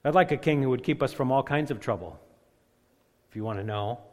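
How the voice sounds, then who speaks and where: A man preaching a sermon, slowing on key phrases and building to loud emphatic peaks. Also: medium pitch. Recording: long echoing reverb of a large hall.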